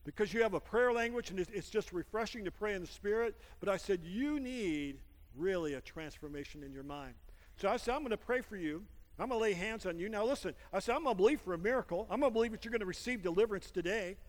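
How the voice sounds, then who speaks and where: A man's voice: high voice, quick pace. A male pastor preaching a sermon, telling a story and calling for amens from the congregation. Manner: storytelling preacher, calls for amens, builds to loud praise. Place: church sanctuary. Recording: long reverb in a church hall with music.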